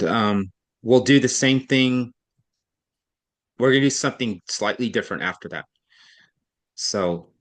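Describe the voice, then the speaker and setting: A man's voice: lowish voice, a bit bright. A man tutoring a student in reading over an online session, explaining step by step in a patient, thinking-aloud way with frequent self-corrections.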